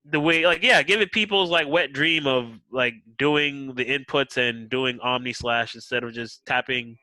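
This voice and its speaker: Host man, bright voice, slangy hesitant chat, dry close mic. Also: mid-range voice, moderate pace, no echo, low-quality recording. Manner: hesitant, filler-heavy, slangy. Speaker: podcast host. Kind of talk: casual podcast chat.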